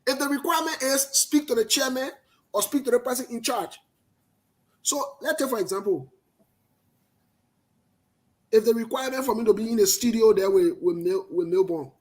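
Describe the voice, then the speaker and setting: A man with a Liberian accent giving emphatic political commentary, talking loudly and repeating his points. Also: sits high. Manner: forceful, emphatic, repetitive, passionate.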